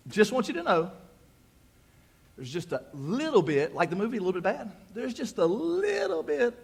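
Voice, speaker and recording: A man's voice: very animated, normal speed, creaky, slightly rough, full character voice. A man doing a sugary, sly mother. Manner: falsetto, sugary then firm. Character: sweetly obliging mother with a sly streak.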